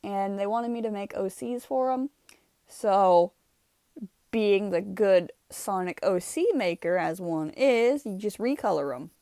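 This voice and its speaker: A woman's voice: medium pitch, unhurried, dark tone, dry recording. Casting: young woman, chatty rambling host, dry close sound, laughs easily. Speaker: channel host. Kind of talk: casual art review chat.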